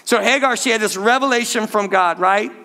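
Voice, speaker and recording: A middle-aged man preaching a sermon, retelling a story with lively asides and calling out to the congregation as "church". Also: high voice, fairly quick. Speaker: pastor.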